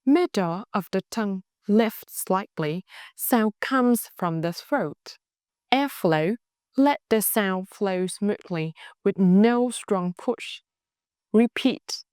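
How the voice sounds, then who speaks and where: Northern vietnamese lady teaching pronunciation, really slow, smooth clear voice, dry close sound. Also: medium pitch, a little mellow, no room sound. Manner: slow and deliberate, models sounds for repetition. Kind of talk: slow, careful pronunciation lesson.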